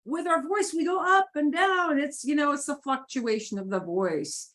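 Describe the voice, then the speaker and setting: A woman teaching a beginners' Spanish class, explaining grammar patiently with lively rises and falls in her voice. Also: high-pitched, normal speed.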